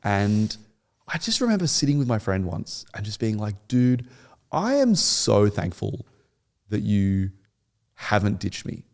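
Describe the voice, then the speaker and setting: A man's voice: fairly low pitch, very animated, unhurried, gravelly, darkish tone. A young man speaking as a podcast guest, telling his story in an earnest, rambling way with many restarts. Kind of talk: podcast interview.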